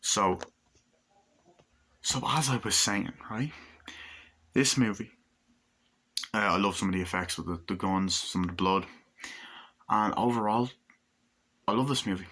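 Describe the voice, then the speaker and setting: Young male reviewer, casual, enthusiastic and profane, crisp forward tone. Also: lowish voice, unhurried, pauses often, fairly bright tone. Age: 20s. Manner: rambling, enthusiastic, swears freely, many fillers. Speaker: movie reviewer.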